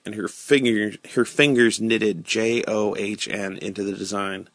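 Man reading a story, bright and low. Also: measured pace, hardly any pauses, no echo. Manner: steady, plain storytelling. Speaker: narrator. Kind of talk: reading a novel aloud.

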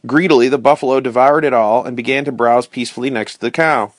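A man narrating a storybook aloud in first person, as a steady, clear storyteller. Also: medium pitch, quick pace, no room sound. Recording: dry close recording.

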